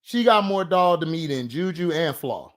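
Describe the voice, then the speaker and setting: A man with a high, light voice argues basketball with passion, pressing the same point again and again. He talks casually and heatedly, and he doesn't back down. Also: animated, moderate pace. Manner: passionate, argumentative, repeats points insistently. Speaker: sports talk show host. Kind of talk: heated casual sports debate.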